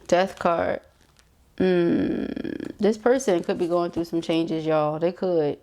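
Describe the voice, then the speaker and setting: A woman reads tarot in a loose, chatty way. She speaks in a somewhat low voice and talks straight to her viewers with emphatic asides. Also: steady tone, slow pace, dark tone, slight background noise. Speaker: tarot reader. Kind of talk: casual tarot reading monologue.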